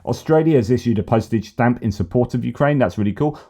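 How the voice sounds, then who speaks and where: A man's voice: mid-range voice, fast talker, few pauses, warm tone. A man hosting a casual news commentary vlog, wry and opinionated, thinking aloud as he goes. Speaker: news commentator and channel host.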